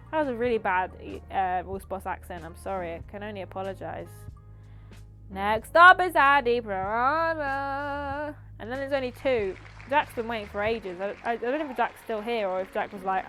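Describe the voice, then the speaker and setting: A woman's voice: mid-range voice, moderate pace, bright, forceful tone, soft background music. A woman hosting a livestream, reading viewer slideshows aloud with wry, dry asides. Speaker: livestream host.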